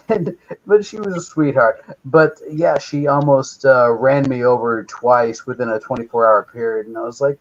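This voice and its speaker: A man's voice: medium pitch, normal speed. Profane storytelling man, lo-fi audio. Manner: profane, animated retelling with acted quotes. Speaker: co-host. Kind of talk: casual storytelling. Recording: dull lo-fi stream audio.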